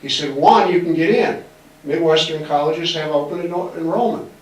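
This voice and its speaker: Older male speaker, folksy raconteur who plays his quoted voices, slightly high voice, picked up from a distance in a roomy hall. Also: normal speed. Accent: faint Massachusetts. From Massachusetts. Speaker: speaker giving a talk. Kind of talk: storytelling lecture. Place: library auditorium.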